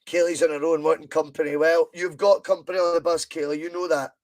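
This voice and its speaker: Scottish man, high-pitched, live home watch-along, excitable, chatty. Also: fast talker. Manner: chatty, reads out viewer comments, bursts of excitement. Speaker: podcast host doing live fan commentary.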